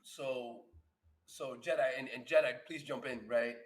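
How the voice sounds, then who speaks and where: A man's voice: mid-range voice, fairly even intonation, measured pace. A middle-aged man co-hosting a podcast in emphatic casual chat, often repeating himself. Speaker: podcast co-host. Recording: echoey room.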